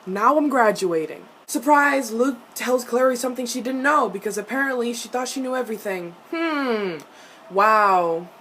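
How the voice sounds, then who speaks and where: A woman's voice: a little high, lively intonation, normal speed, a bit bright, slight background noise. Sassy, profane young woman. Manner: laughs often between lines. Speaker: vlogger reacting to a TV episode. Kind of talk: casual episode reaction.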